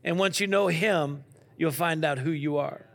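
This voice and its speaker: A man preaching a sermon, asking the congregation questions and swinging from loud to quiet. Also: a little high, measured pace, vocal fry. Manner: animated preaching with call-and-response questions. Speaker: pastor.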